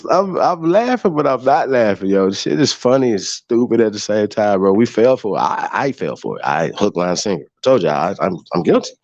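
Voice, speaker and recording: A man's voice: fairly low pitch, sing-song, brisk, creaky, hardly any pauses, darkish tone, dry recording, muffled recording. A man hosting a casual livestream, mocking and profane, laughing often. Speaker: host.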